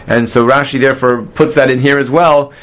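A man's voice: medium pitch, fairly even intonation, a little fast, a bit bright, lo-fi sound. A man teaching a classroom Bible lesson, explaining step by step and quizzing his students. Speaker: Torah teacher.

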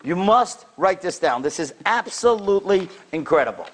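Animated high-voiced rabbi telling stories. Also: male voice, normal speed. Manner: animated, acts out the people in his stories with big jumps in pitch and loudness. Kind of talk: sermon storytelling.

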